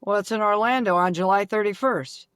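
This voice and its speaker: An older woman from Buffalo, a guest telling brash, rapid-fire stories with acted-out dialogue. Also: mid-range voice, a bit bright, clean tone, no echo, studio quality. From Buffalo, New York. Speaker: guest, former pro golfer. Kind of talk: animated storytelling.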